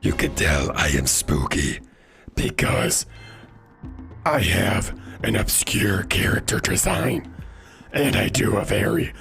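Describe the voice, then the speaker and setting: A man voicing a mocking parody of a spooky male oracle, raspy and exaggerated, dragging out the words. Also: sits low, sing-song, fairly bright tone, pitched below the performer's own voice, full character voice. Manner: drawn-out, self-mocking. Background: game music.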